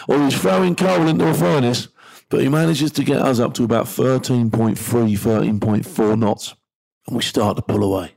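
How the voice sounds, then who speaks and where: A man's voice: mid-range voice, vocal fry, a little mellow, poor audio. A middle-aged man, a former maritime security guard, tells a tense first-person story in a blunt, vivid way and swears casually.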